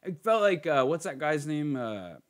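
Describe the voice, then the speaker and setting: A man's voice: a little high, big pitch swings, moderate pace. A man guesting on a comedy podcast, laid-back and full of fillers like "like". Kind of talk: casual chat.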